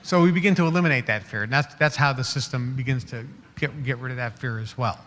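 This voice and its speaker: A man's voice: medium pitch, quick pace, fairly bright tone, big-room sound. A man giving a motivational seminar talk, acting out little scenes in quoted voices and laughing along with them. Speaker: motivational speaker.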